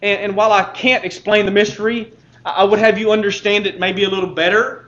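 A man's voice: sits high, level tone, fairly quick, a bit bright, dull audio. A man preaching a sermon, building with repetition into fervent, impassioned appeals.

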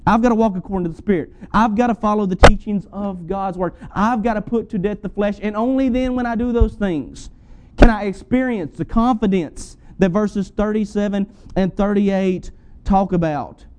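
High voiced guy preaching, soft warm tone, earnest and repeats himself for emphasis. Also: moderate pace. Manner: earnest teaching with emphatic repetitions. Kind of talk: sermon.

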